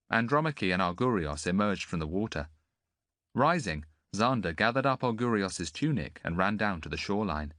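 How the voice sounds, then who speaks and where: A man narrating an audiobook in an expressive, varied way. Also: fairly low pitch, normal speed, no room sound, studio quality.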